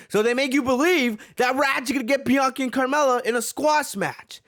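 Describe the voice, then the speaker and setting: A man's voice: extremely high pitch, fairly quick, hardly any pauses, fairly bright tone, no room sound, clean studio sound. A man hosting a wrestling podcast, ranting in a frustrated way that keeps circling back and repeating itself, full of fillers and restarts. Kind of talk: ranting reaction commentary.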